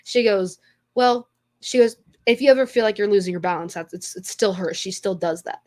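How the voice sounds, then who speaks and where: In a brisk, mid-range voice with a darkish tone, a young woman on a casual podcast she co-hosts tells a long, rambling tale, stumbling over fillers and restarting her sentences.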